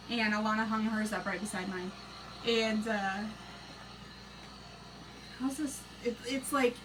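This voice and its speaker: A woman in her thirties chats through a crafting live stream, greeting viewers by name and slipping into a soft half-whisper as she works. Her voice sits a little high. The mic is some way off, and a clear noise runs under everything. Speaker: crafting channel host. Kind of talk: casual live-stream chat while crafting. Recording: distant mic with noisy background.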